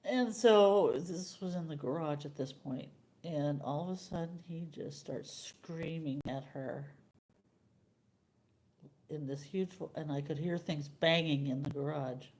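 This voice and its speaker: An older woman hosting a live stream, chatting casually with viewers and telling a rambling, halting story. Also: low voice, darkish tone.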